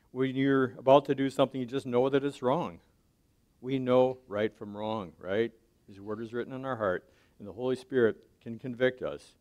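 Male pastor, mid-pitched, chatty sermon delivery, goes quiet and low to drive points home. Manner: conversational preaching, checks in with "right?" and "okay?"; drops to a soft low voice on key points.

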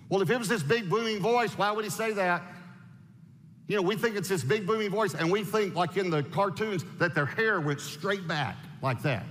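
A man's voice: high voice, normal speed. Emphatic preacher man in a hall. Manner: emphatic, animated preaching with rhetorical questions. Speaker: pastor. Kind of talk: sermon. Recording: long hall reverb.

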